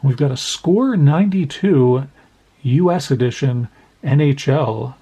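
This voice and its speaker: Gravelly, mellow-voiced man opening card packs. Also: mid-range voice, lively intonation, measured pace, poor audio. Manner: chatty, self-deprecating, reads card names aloud. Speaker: card collecting channel host. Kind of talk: casual pack-opening commentary.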